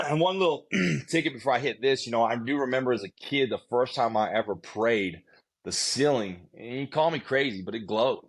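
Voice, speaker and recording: A man's voice: medium pitch, moderate pace, breathy edge. A man from Utah telling his own life story as a podcast guest, speaking in an earnest, conversational way with frequent fillers and restarts. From Utah, USA. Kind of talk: candid storytelling.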